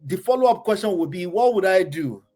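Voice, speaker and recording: A man's voice: high-pitched, expressive, brisk, darkish tone, soft background music. A man with a Nigerian accent hosting a heated panel debate, pressing his points by repeating them. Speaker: host.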